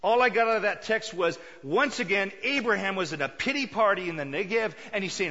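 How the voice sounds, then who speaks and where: Emphatic preacher, bright, in a reverberant hall. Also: male voice, high voice, fairly quick, few pauses. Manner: emphatic, rhetorical questions to the congregation. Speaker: pastor. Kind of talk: sermon. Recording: dull sound with long hall reverb.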